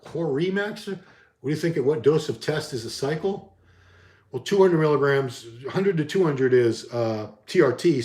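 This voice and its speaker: In an echoey room, a Boston-area bodybuilding vlogger talks loosely about his history and reads comments from viewers. His mid-range voice is a little mellow, and his candid, self-mocking delivery keeps trailing off and picking back up.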